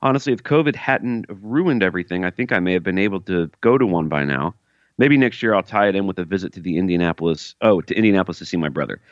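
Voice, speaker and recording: A man's voice: low-pitched, animated, quick pace, dry recording, lo-fi sound. A man co-hosting a podcast, reading listener emails aloud with jokey asides in casual chat.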